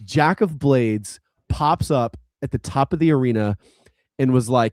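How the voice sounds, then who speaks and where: A man's voice: mid-range voice, moderate pace, darkish tone, no echo, clean studio sound. A man on a podcast retelling a video game story in a casual, rambling way, full of likes and restarts. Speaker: podcast co-host.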